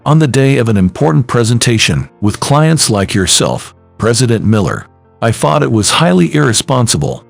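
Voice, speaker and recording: A man's voice: mid-range voice, big pitch swings, normal speed, vocal fry, no room sound, soft background music. A man voicing an arrogant male sales manager who speaks nervously and falters. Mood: defensive. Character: arrogant male sales department head, rattled.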